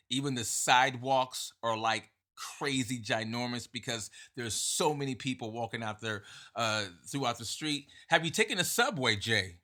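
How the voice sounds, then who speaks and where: A man's voice: mid-range voice, pushed and bright. A man hosting a podcast, talking casually and affirming his guest with upbeat, slangy praise. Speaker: podcast host. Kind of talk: casual interview talk.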